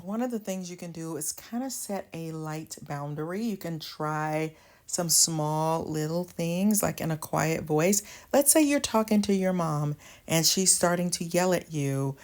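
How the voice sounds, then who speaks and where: A woman with a low voice gives advice straight to her viewers. She talks slowly and deliberately. She is earnest and plainspoken, as if coaching someone one on one. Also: a little mellow. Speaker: channel host giving advice. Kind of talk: direct-to-camera advice talk.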